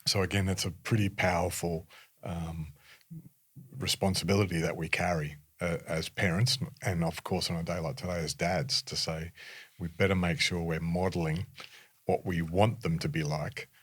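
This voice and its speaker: Deep husky Australian pastor interviewing. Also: male voice, level tone, moderate pace. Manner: affirming, frequent "yeah" backchannels. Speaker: pastor and host. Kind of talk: conversational interview.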